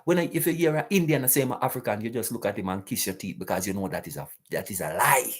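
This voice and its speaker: Husky man preaching. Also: fairly low pitch, lively intonation, fast. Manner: preachy, emphatic, repeats rhetorical questions. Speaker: host of a live talk stream. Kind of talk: live-stream talk, answering chat.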